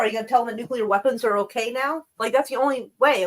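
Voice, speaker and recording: Rolling and smoking cigarettes as she talks, a woman reads news articles aloud on a casual live stream, answering them with profane sarcasm and frequent laughs. Her voice is a little high and fairly quick.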